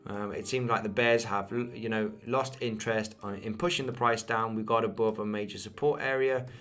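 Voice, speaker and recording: This crypto livestream host, a young man from Spain, speaks on the low side with fairly even intonation, a moderate pace and a fairly bright tone. He owes his English accent to his Isle of Man mother. Answering chat on his live chart stream, he's repetitive, heavy on fillers and restarts, and calls people "guys."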